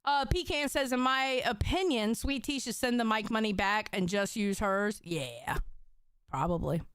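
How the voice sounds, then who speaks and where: A woman's voice: fairly high pitch, measured pace, a bit bright, smooth, dry recording. A woman hosting a casual commentary, reacting bluntly and with lots of swearing to stream clips. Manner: blunt, profane, exclamatory.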